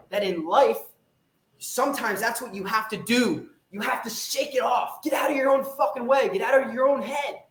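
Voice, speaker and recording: A young male fitness coach preaches to viewers of a live stream with fired-up intensity, swearing and repeating lines. His voice sits high for a man. The sound is roomy and echoey. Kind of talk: motivational live-stream pep talk.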